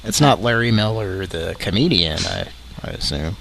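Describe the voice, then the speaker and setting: Laid-back man with a lively voice. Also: sits low, moderate pace, creaky, slight background noise. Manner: laid-back, laughs easily, sarcastic. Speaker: prank call show co-host. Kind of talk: casual chat.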